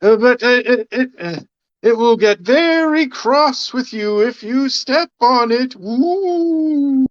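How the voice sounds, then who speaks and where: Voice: high voice, expressive, dry recording, dull audio, voice pushed up. A game master voicing a grumpy library ghost that moans and grumbles at intruders. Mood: grumbling. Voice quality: wailing drawn-out "ooh" sounds. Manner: petulant, grumbling.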